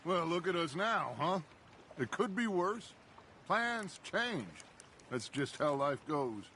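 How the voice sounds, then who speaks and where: Dutch, a grand outlaw gang leader. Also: male voice, high-pitched, big pitch swings, takes it slowly, sharp tone, a little hiss or hum, heavily acted. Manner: expansive, fond reminiscing with theatrical flair. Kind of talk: video game voice acting.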